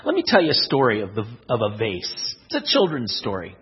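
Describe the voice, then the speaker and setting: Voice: medium pitch, huge pitch swings, fairly quick, husky, dull audio. A speaker giving an emphatic devotional talk to young scouts, telling a children's story along the way.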